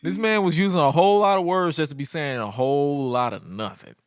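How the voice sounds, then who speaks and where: A man co-hosting a podcast in a casual, laughing recap. His voice sits a little high. The sound is close and dry, with no room around it. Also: fairly quick, smooth, no echo. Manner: animated, laughs often, bursts into loud mimicking voices. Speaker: podcast co-host reviewing wrestling. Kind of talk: casual recap with acted-out quotes.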